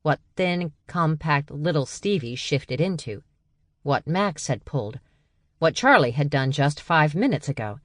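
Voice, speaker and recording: A woman narrating an audiobook in a measured, even storytelling manner. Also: low voice, no echo. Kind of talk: scripted narration. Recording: dry close studio sound.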